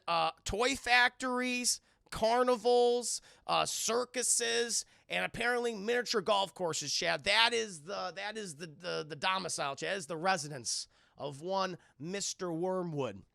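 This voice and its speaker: A man's voice: high-pitched, unhurried, vocal fry, pushed and bright, no room sound, studio quality. A male streamer giving a rambling, profane recap of a cartoon episode, constantly addressing his chat.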